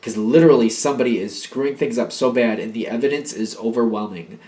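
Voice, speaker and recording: A man of middle pitch talks through a tarot reading in a loose, casual way. He rambles and repeats points for emphasis. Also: expressive, fast talker, hardly any pauses, darkish tone. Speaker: tarot card reader.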